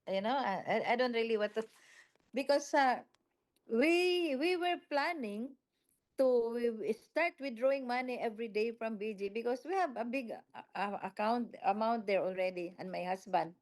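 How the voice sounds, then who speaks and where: A woman speaks over a video call from a small office kitchen, her voice slightly high. She explains and reassures in a halting, searching way as she answers the group's questions. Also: darkish tone.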